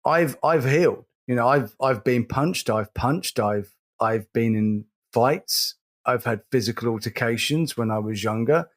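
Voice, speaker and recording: A man, co-hosting a casual podcast, speaking earnestly and slowly, repeating words as he stresses a point. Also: mid-range voice. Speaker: podcast co-host.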